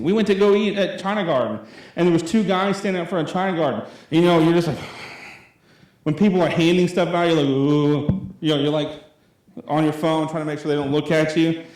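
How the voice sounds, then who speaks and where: In a very echoey church hall, a young youth pastor in his late twenties delivers a loose sermon, chatty and full of fillers. He speaks briskly in a somewhat high, slightly mellow voice.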